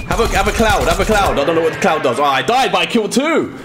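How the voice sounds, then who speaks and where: A man giving excitable live commentary while streaming a game, often shouting and exclaiming. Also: on the high side, fast talker, few pauses, very noisy. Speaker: gaming streamer.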